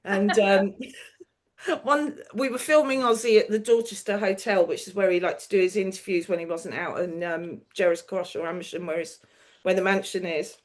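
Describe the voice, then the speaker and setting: A woman's voice: fairly low pitch, fairly even intonation, brisk. A middle-aged woman, a television producer on as a guest, telling anecdotes in a casual chat, laughing often and acting out the people she quotes.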